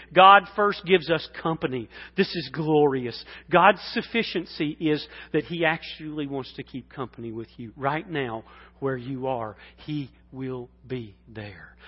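A male pastor preaching a sermon, dropping to hushed whispers and rising to loud, impassioned cries. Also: on the high side. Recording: dull sound in a long-reverb hall.

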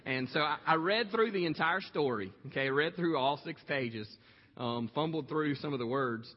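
A man's voice: on the high side, husky. Man preaching in an echoey hall. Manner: slow, heartfelt, many "um" pauses. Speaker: pastor. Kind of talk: sermon storytelling. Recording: echoey hall, dull lo-fi sound.

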